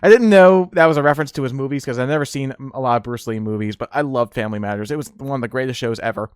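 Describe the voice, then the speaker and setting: A man's voice: mid-range voice, rapid-fire, smooth, no room sound, clean studio sound. A man hosting a podcast, rambling in casual chat with frequent laughs and fillers. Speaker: podcast host.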